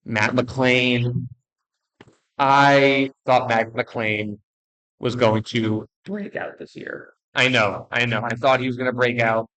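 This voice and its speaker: A young man ranking baseball players in casual commentary, blunt and joking, rambling with restarts and quick apologies. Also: medium pitch, little pitch movement, fairly bright tone, poor audio. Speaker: baseball video creator.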